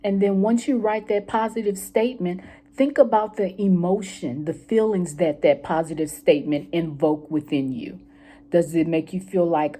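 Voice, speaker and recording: A woman's voice: fairly low pitch, normal speed, mellow. A woman coaching listeners through a self-help lesson, encouraging and repetitive, often checking in with "okay?". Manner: encouraging, repeats key points, checks in with "okay". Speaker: mental health coach.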